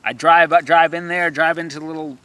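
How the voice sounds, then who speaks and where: A man's voice: a little high, little pitch movement, brisk, pushed and bright, no echo. A man in a rambling monologue who stammers, repeats himself and erupts into profane, threatening rants.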